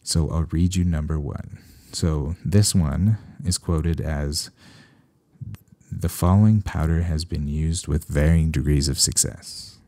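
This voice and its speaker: A man from Canada, a veterinarian hosting a solo podcast, talking casually with animated, sarcastic asides. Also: very deep voice, slow pace, no room sound, studio quality.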